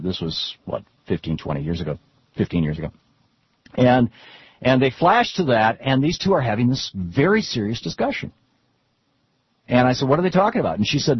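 Husky middle-aged man, rambling political talk. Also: medium pitch, no room sound. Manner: rambling, frequent restarts and repeated words. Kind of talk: unscripted political talk with anecdotes. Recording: dull lo-fi recording.

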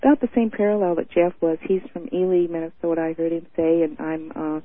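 A woman's voice: on the low side, steady tone, fast talker. A woman from Montana calling into a radio show, sassy and gushing, calling people honey. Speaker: caller. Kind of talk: casual phone call to radio show. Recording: tinny phone line.

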